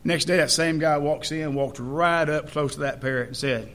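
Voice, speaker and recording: A preacher delivers a sermon with a high, bright voice. He talks in a folksy way and keeps putting questions to the congregation. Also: moderate pace.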